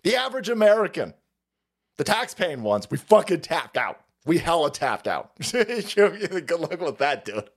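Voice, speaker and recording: A livestream host with a higher voice speaks in a sing-song, unhurried way while delivering a profane political rant. He mocks his targets with foul language and frequently bursts out laughing.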